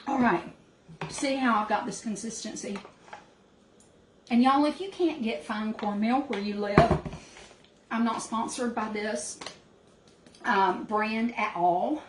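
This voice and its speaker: Lady cooking in her little cabin, talks slow and easy, echoey room w/ noise behind. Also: fairly high pitch. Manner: homey, chatty, talks to viewers as y'all. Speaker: cooking show host. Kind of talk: casual cooking demonstration. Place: small cabin kitchen.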